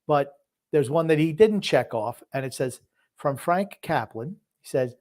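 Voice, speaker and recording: A man co-hosting a casual sports podcast, gruff and teasing with crude humor. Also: fairly high pitch, lively intonation, a little slow, darkish tone. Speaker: podcast co-host.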